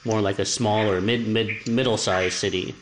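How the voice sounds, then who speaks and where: A man's voice: lowish voice, fairly even intonation, moderate pace, very noisy. A man in casual conversation who talks hesitantly, often restarting and repeating words. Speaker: conversation partner. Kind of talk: casual chat.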